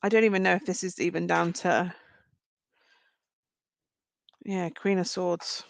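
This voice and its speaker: A woman's voice: fairly low pitch, flat delivery, a little fast, vocal fry. Chatty woman reading tarot. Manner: chatty, speaks straight to viewers. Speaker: tarot reader. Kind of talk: live-stream card reading.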